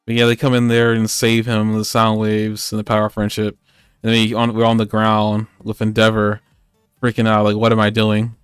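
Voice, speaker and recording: A man's voice: lowish voice, completely flat delivery, normal speed, clean tone, no echo, faint music behind. Rambling man recapping anime, dry mic. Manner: rambling, joking, many fillers. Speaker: podcast co-host. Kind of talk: casual anime recap chat.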